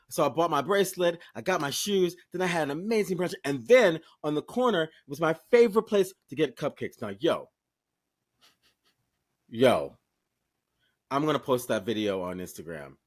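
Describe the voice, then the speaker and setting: A man co-hosting a podcast, chatting casually and telling a lively story, talking straight to listeners and swearing freely. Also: mid-range voice. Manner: animated storyteller who acts out quoted voices. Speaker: podcast co-host. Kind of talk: casual chat.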